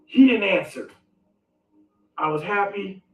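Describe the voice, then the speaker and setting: A man vlogging, telling a comic personal story with dramatic swings between loud outbursts and hushed asides. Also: sits high, lively intonation, takes it slowly. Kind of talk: animated storytelling monologue. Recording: echoey room, distant mic, faint music.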